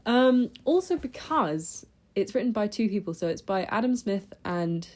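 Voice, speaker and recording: Mellow-voiced young woman chatting about books. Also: mid-range voice, animated, normal speed. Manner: chatty and enthusiastic, with many fillers and restarts. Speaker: book vlogger. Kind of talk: casual book review chat.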